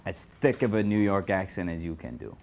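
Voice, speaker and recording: A man coaching actors in an acting studio, giving quick direct notes between takes. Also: deep voice, animated, a little mellow, slight background noise. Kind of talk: live coaching in an acting class.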